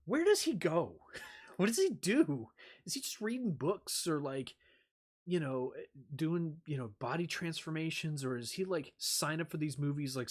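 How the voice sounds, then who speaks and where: A man talking in a rambling casual chat as a streamer, swearing freely and using lots of fillers. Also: fairly high pitch.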